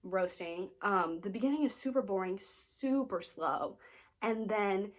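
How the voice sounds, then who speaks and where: Brief: American woman, book vlogger, chatty and snarky, mid-pitched voice. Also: normal speed. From United States. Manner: chatty, lots of "like" fillers, playfully snarky. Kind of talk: casual reading wrap-up chat.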